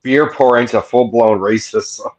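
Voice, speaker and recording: A man's voice: medium pitch, measured pace, a little mellow. A man on a podcast, playfully dramatic and drawling in his banter. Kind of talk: casual chat.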